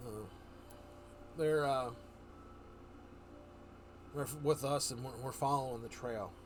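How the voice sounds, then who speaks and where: A man streaming live, telling a fantasy adventure story in a rambling, animated way, full of fillers and restarts. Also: mid-range voice, takes it slowly, slight background noise.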